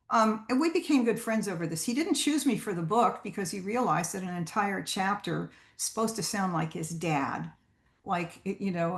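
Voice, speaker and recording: A woman's voice: lowish voice, gravelly, echoey room. A woman voice actor talking casually to a writers' group about narrating audiobooks, chatty and full of restarts. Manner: chatty, with many fillers and restarts.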